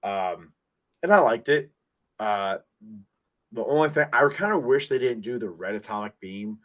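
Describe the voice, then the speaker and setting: A man hosting a casual podcast, talking in an excitable, rambling way full of restarts, into a desk mic. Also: medium pitch, normal speed. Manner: excitable, rambling fan talk with many restarts. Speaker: podcast host. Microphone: desk microphone.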